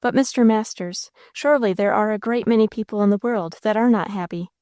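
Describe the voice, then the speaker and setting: A woman voicing a proud, reserved young woman who is quietly unhappy, speaking slowly and with careful composure. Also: mid-range voice, clean tone, no room sound, clean studio sound, close to an everyday voice.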